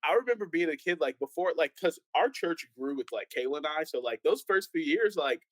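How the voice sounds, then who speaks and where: A man's voice: fairly high pitch, fairly quick, dry recording, poor audio. A young man and pastor's son telling stories in a casual panel chat, acting out the people he quotes. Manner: animated storyteller, acts out quoted voices.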